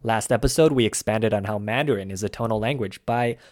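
A man's voice: fairly low pitch, fairly quick, darkish tone. A man co-hosting a scripted language-lesson podcast, running quiz questions and explaining words in an upbeat teaching manner. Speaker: podcast co-host.

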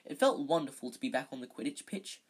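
An amateur reader with a mid-range, slightly rough voice reads a children's novel aloud, animated and fast, on poor audio. The reading is unpolished, with frequent stumbles and self-corrections.

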